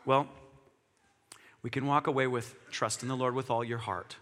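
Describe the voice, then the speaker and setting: A man's voice: medium pitch, steady tone, normal speed, fairly bright tone. A man preaching a sermon as a pastor, telling a story animatedly and acting out the dialogue. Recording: long hall reverb.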